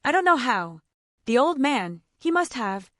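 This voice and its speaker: A woman's voice: sits high, sing-song, a little slow, no echo, studio quality. A woman reading the lines of a scheming, desperate young husband who snaps and whispers. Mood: frantic. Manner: snapping, strained whispers.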